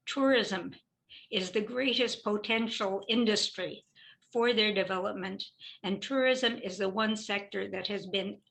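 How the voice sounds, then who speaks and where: An older woman, an economist answering interview questions in a measured, explanatory way. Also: medium pitch, fairly bright tone, rough recording. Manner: measured, explanatory, occasional restarts. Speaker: economist guest.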